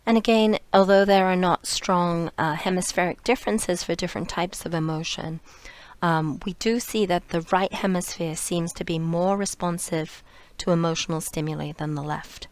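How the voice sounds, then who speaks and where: A woman's voice: fairly low pitch, steady tone, moderate pace, clear, resonant tone, no room sound. A woman narrating a lecture over slides, explaining step by step with fillers and restarts, sometimes trailing off to a near whisper.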